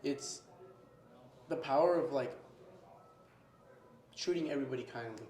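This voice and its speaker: A man's voice: mid-range voice, measured pace, darkish tone, echoey room, slight background noise. A young man who owns a restaurant, talking casually in an interview. He says "bro" a lot and acts out little scenes with customers. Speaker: restaurant owner. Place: his restaurant.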